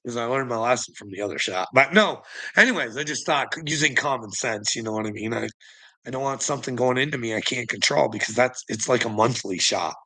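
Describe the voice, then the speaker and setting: A man's voice: mid-range voice, expressive, a little fast, pushed and bright, low-quality recording. A man in a casual, rambling monologue, swearing often and laughing between thoughts. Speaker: vlogger.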